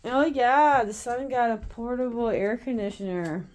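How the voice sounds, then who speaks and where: A woman with a fairly high voice chats at an easy, unhurried pace as she films her cats at home. She laughs often and coos fondly at the animals between remarks. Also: a little mellow. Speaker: pet vlogger. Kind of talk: casual chat filming her cats. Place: at home, indoors.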